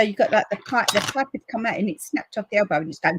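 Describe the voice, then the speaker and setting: A woman hosting a live crafting stream, chatting casually and acting out quotes in a lively way. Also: quick pace, hardly any pauses, background noise. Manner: chatty storyteller, acts out quotes with big pitch jumps. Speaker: crafting livestream host. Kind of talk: casual chat to live viewers.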